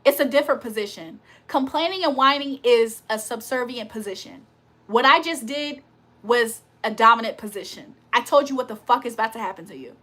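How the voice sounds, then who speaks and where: A woman's voice: on the high side, expressive, fairly quick, fairly bright tone. A woman hosting a casual livestream, talking bluntly and confrontationally with plenty of profanity. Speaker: livestream host.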